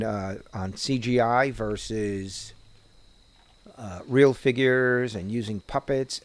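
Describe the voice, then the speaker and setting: A man with a New Jersey accent, chatting casually as a podcast co-host, rambling and profane with many restarts. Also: medium pitch. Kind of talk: casual chat.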